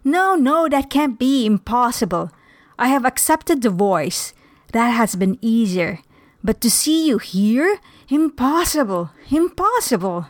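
A troubled young man pleads for a sign and doubts every answer, as a woman reads his part. The voice swings high and low and takes its time. It sounds dry and close. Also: big pitch swings, a little slow, dry recording. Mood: disbelieving.

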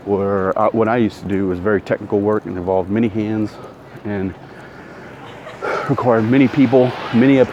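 The sound is lo-fi: a middle-aged man with a lowish voice hosts his podcast on foot outdoors, meandering, revising what he says and greeting people along the way. Street noise and traffic run underneath.

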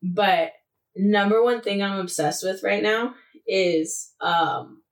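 A young woman co-hosting a casual sports podcast, telling stories in an animated way with frequent laughter. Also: medium pitch, distant mic. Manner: animated storytelling, laughs often, quick asides. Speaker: podcast co-host. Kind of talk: casual chat.

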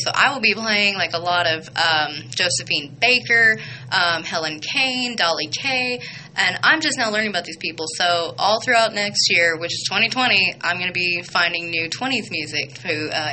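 A young woman hosting a radio show, chatting excitedly and rambling with lots of fillers. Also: lowish voice, a little hiss or hum, low-quality recording. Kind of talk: casual chatty radio intro.

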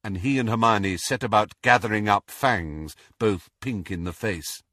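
A man narrating an audiobook chapter with expressive storytelling. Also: on the low side, unhurried, no room sound, clean studio sound. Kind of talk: scripted narration.

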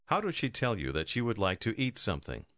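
Lively low-voiced male lesson narrator. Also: fast talker, dry recording, clean studio sound. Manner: instructive prompting. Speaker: language course narrator.

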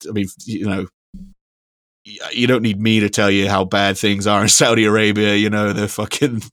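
A man's voice: fairly low pitch, little pitch movement, moderate pace, fairly bright tone, no room sound, clean studio sound. A man co-hosting a podcast, talking in a rambling, casual way and swearing now and then. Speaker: podcast co-host. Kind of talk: casual chat.

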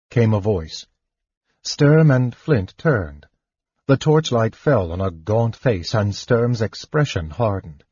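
Low, husky male narrator, steady reading, close and muffled recording. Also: a little slow, dry recording. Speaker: audiobook narrator. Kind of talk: scripted narration.

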